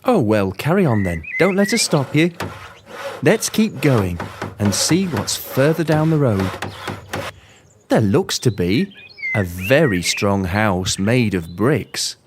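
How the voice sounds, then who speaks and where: A woman telling a story to young children, gently and expressively, talking to her listeners. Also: a bass voice, sing-song, slow, noisy background.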